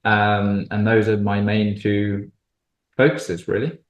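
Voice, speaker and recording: A young man from Cornwall talks with a guest in an easygoing, chatty way. His voice sits on the low side, and the room around him rings with echo. He keeps a light, friendly humor. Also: completely flat delivery, takes it slowly. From Cornwall, England. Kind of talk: casual conversation. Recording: echoey room.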